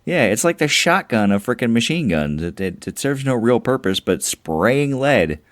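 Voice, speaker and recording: A man co-hosting a podcast, chatting casually about movies, animated and jokey. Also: mid-range voice, moderate pace, no echo, clean studio sound. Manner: animated, jokey, acts out quotes. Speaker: podcast co-host. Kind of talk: casual movie review chat.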